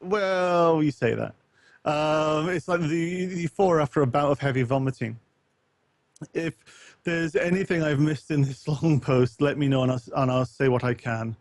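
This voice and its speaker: A man's voice: a little high, a little slow, no room sound. A man co-hosting a casual gaming podcast, rambling with lots of ums and reading a forum post aloud with wry asides. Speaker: podcast co-host.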